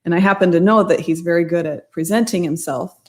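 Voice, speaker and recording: A mindset coach in middle age speaks fairly quickly with a fairly low voice, recounting a story from her life in a casual manner. She goes off on tangents, revises what she says, and laughs from time to time.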